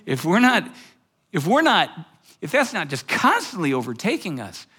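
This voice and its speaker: A man preaching a sermon as pastor, building from quiet musing to loud exclamations, repeating words and chuckling now and then. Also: high voice, wildly swooping pitch, moderate pace, breathy edge. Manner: repeats words, restarts, chuckles mid-sentence.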